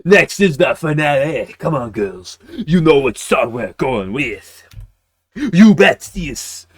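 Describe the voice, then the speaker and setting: Guy doing a band leader girl hyping the crowd, slow and kinda husky, dry sound, faint music under it. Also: a little high, very animated, dry recording, exaggerated voice. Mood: rousing.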